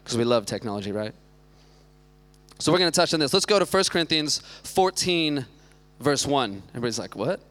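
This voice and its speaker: A man in his thirties preaching a relaxed sermon, full of quips and side jokes. His voice is smooth and clear, at a middle pitch for a man. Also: a little fast, long pauses. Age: 30s. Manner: joking, chatty asides. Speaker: youth pastor. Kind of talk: casual sermon.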